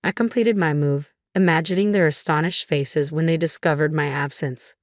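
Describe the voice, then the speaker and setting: A woman with a notably low voice narrates a first-person story in an even, measured way. The recording is dry and close, with no room sound around her. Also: dry recording.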